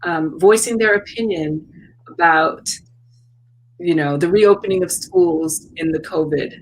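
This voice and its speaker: A woman who is an artist and educator, talking as an interview guest in a reflective, searching way with many pauses and repeats. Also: deep voice, poor audio. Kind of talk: casual interview talk. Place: South Florida.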